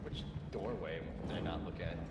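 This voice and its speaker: A man chatting while gaming with friends, goofy and swearing, shouting spell words. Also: low-pitched, normal speed, background noise. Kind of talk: casual multiplayer game chat. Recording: echoey hall with long reverb.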